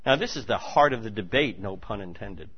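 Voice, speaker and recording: A man preaching a sermon, moving between hushed asides and loud, emphatic declarations. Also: lowish voice, animated, fairly quick, muffled recording, slight background noise. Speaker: pastor.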